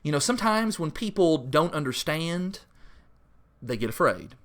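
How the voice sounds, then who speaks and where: A man leads a church Bible study in a loose, conversational teaching voice that sits slightly high. He fills his talk with little fillers and acts out quotes in pleading, higher voices. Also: very animated, normal speed, fairly bright tone. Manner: rises sharply in pitch when mimicking pleading voices.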